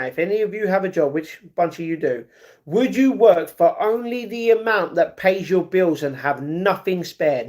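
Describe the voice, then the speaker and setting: A man live-streaming who reads his viewers' chat aloud and argues back, with excited reactions to a fight he is watching. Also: high-pitched. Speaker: livestreamer. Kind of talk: casual livestream chat.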